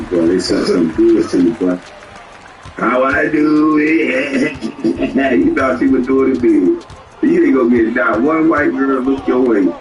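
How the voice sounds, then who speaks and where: A man's voice: mid-range voice, a little mellow. A man streaming a reaction, laughing a lot and mocking the person in the clip in casual commentary. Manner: laughs often, teasing, repeats lines back. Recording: roomy, distant from mic, faint music.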